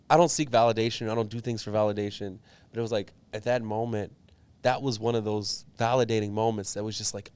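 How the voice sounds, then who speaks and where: A young man, a politician, telling a personal story in an interview, earnest and animated, with many fillers. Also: on the low side, clear, resonant tone. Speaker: politician guest.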